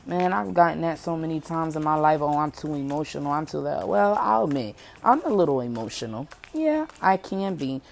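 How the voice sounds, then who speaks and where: A woman's voice: low voice, animated, fairly quick, creaky, hardly any pauses, darkish tone. A woman hosting her own talk show, speaking casually and candidly, giving emphatic motivational advice with repeated phrases. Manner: candid, preachy, conversational with emphatic repetitions. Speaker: podcast host.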